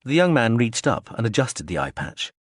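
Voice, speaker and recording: A man narrating a science-fiction audiobook in a measured, expressive storytelling manner. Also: mid-range voice, no echo, studio quality. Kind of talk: scripted narration.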